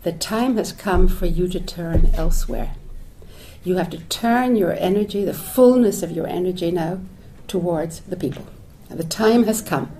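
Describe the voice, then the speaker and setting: Speaking at a normal speed in a lowish, warm voice, a woman gives a reflective lecture to a public audience in a lecture hall; a little hiss or hum sits under the recording. She thinks aloud, restarting sentences and adding asides, and slips Hebrew phrases into what she says.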